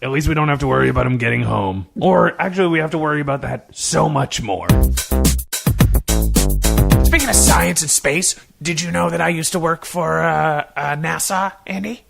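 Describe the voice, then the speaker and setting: A man, rambling deadpan through an improvised comedy podcast as the host in a father role. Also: on the high side, normal speed, creaky, loud music behind the voice.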